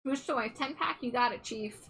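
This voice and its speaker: A woman chats casually on a live stream and reads viewer messages aloud, giggling often. Her voice is bright and a little high. A faint hiss sits under the recording. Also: moderate pace.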